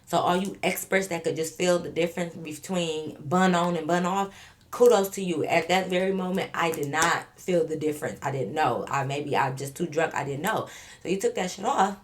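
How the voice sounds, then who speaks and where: Female vlogger, lower register, animated storyteller who voices both sides of the story and swears freely. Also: moderate pace. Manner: profane, addresses viewers as y'all.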